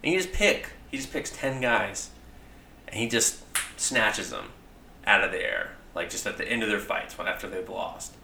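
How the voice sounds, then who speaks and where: A man's voice: fairly low pitch, lively intonation, normal speed, creaky, noisy background. Loose, profane man in an echoey room. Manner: loose, profane, full of "like", acts out quoted lines. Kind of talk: casual chat pitching a comic story.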